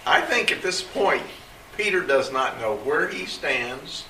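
A man's voice: a little high, lively intonation, slow pace, bright, forceful tone, a little hiss or hum. A man in a Bible class discussion, thoughtfully retelling scripture in plain words. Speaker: class member. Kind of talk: group discussion. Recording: roomy and distant from the mic.

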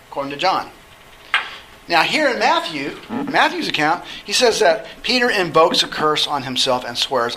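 A man's voice: a little high, expressive, normal speed, background noise. A man leading a Bible study group, teaching in a conversational way and often checking in with the group by asking "okay?".

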